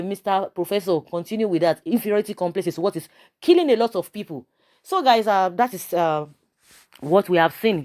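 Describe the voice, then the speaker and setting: A woman's voice: lowish voice, darkish tone. A woman with a Nigerian accent giving passionate, preachy video commentary, full of rhetorical questions and stammered repeats.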